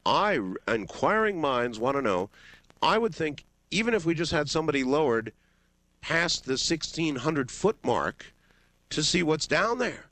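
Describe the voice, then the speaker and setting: A man's voice: a little high, big pitch swings, a little slow, a bit bright, dry recording. A man hosting a late-night call-in radio show, easygoing and musing, drawing out his questions. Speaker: radio talk show host. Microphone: studio microphone.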